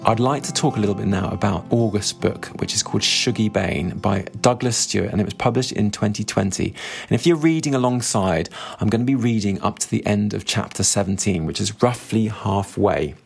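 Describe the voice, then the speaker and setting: A man hosting a book club podcast, reading a novel aloud in a measured, even way and adding friendly asides. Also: lowish voice, vocal fry, breathy edge, soft background music.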